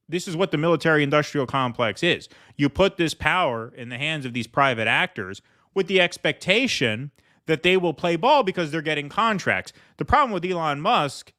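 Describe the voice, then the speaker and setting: Bright-voiced sarcastic male commentator. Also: fairly high pitch. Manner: mocking, animated, asks the chat questions. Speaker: podcast host.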